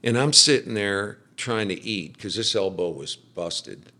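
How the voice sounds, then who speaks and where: Man, middle-aged, podcast guest, faith testimony, forceful, animated storytelling. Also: on the low side, a little slow. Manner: animated storyteller, acts out quoted speech. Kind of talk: personal faith testimony in casual conversation.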